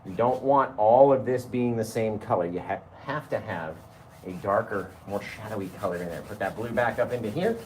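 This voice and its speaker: A man hosting a live painting tutorial, chatty, laughing easily and often checking in with a quick "right?". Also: fairly low pitch, a little mellow, echoey room, a little hiss or hum. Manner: chatty, keeps asking "right?"; laughs easily while talking. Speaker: painting instructor.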